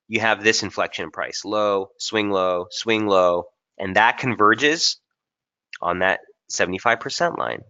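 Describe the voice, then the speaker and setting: Casual male webinar presenter, low and forceful voice, muffled stream audio, thinks aloud. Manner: casual, thinking aloud with frequent fillers and restarts. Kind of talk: live chart analysis webinar.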